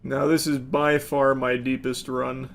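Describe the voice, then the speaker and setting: A man streaming a game, shouting, swearing and laughing in bursts between dry asides. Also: medium pitch, flat delivery, a little slow, a little hiss or hum. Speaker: gaming streamer. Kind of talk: live gameplay commentary.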